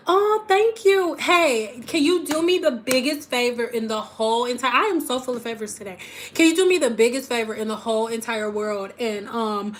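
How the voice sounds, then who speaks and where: A woman from Detroit, hosting a hair care livestream and chatting casually with viewers, animated and swinging from loud squeals to soft asides. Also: on the high side, slight background noise.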